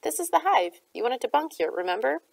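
A woman's voice: high voice, big pitch swings, brisk, vocal fry, no echo, pitched above the performer's own voice, heavily acted. A woman reading a cocky, teasing teenage boy in an audiobook, with lifted, bouncy lines. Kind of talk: audiobook character voice.

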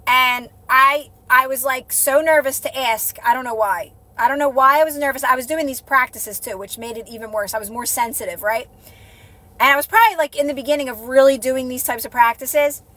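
A woman's voice: high voice, a little fast, bright, forceful tone. A woman coaching her viewers on a casual live stream, earnest and repetitive, often checking in with "right?". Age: adult with a child. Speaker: manifestation coach. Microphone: phone.

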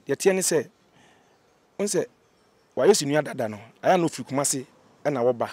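A Ghanaian man, an interview guest, telling a grievance story with energy and acting out what others said in lively voices. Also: medium pitch, fairly quick, breathy edge, no room sound. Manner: animated, acts out quoted dialogue. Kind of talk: emotional storytelling. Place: outdoor location away from the studio.

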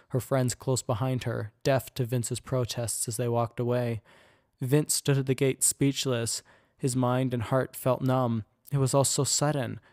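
A man reading an audiobook chapter in steady, even scripted narration. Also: mid-range voice, no room sound, studio quality.

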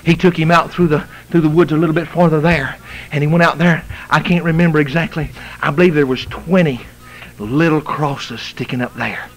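A fervent male preacher, his voice pitched high for a man. He preaches a revival sermon, dropping to hushed storytelling and climbing to shouted exhortations. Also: steady tone, a little fast, hardly any pauses, rough recording.

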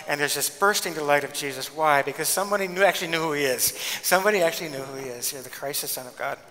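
Animated male lecturer in a reverberant hall. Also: a little high, fast. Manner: animated, emphatic, acts out quoted speech. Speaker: guest lecturer and pastor. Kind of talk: lecture with storytelling.

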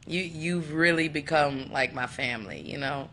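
Young woman, low and unhurried, tearful and halting, thanking fans, faint hiss. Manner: tearful, halting, with restarts and soft laughs. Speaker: singing contestant addressing fans. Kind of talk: emotional thank-you video to fans.

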